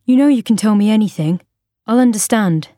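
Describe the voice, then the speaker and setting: A woman voicing a gentle, calm husband in a soothing manner. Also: mid-range voice, fairly quick, no room sound, clean studio sound, close to an everyday voice.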